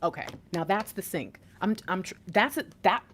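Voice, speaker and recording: A woman giving a tarot reading to her viewers, excitable, breaking into laughs and whispers as she talks straight to them. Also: lowish voice, measured pace, heavy background noise. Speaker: tarot reader.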